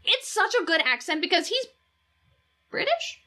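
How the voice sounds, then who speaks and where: A woman co-hosting a podcast in casual chat, chatty and animated, swearing freely. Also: extremely high pitch, normal speed, a little hiss or hum. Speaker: podcast co-host.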